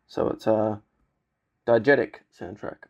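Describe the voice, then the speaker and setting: A man's voice: fairly low pitch, unhurried, creaky, dull audio, noisy background. A man giving a casual movie reaction commentary, laughing often, swearing and filling with "like" and "you know".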